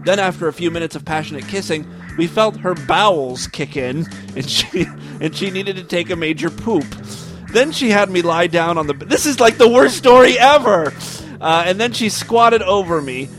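High-voiced man reading a story aloud. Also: expressive, normal speed, music in the background. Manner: wry asides between read passages. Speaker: podcast host.

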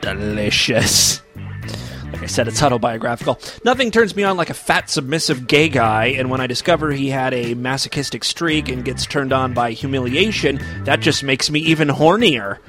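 A man's voice: mid-range voice, animated, brisk, hardly any pauses, fairly bright tone, faint music behind. A man doing a mock-dramatic comic reading of a story, with wry asides and tongue-in-cheek delivery. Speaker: comic reader of an erotic story.

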